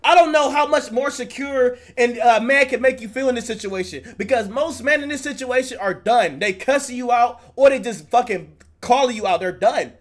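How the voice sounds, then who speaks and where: High-voiced man ranting on a stream. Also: moderate pace, few pauses. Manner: heated, profane ranting. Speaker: streamer reacting to a video. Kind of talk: live reaction commentary.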